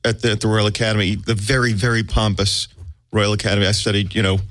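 A man's voice: lowish voice, level tone, fast, fairly bright tone, no room sound. An American man, an actor, telling a comic story about himself in a wry, self-mocking way with vivid detail. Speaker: actor guest.

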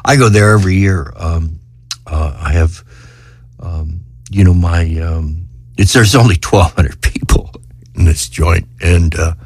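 A middle-aged man, an author, reading his own essay with feeling and then talking in a halting, earnest way. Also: deep voice, slightly rough, no room sound. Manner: earnest, emotional reading; halting, filler-heavy talk. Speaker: author and guest. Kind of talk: reading aloud, then conversation.

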